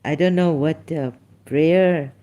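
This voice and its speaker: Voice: medium pitch, fairly even intonation, takes it slowly, mellow. A livestream host effusively thanking a viewer, repeating the thanks, laughing often and slipping into Hindi phrases.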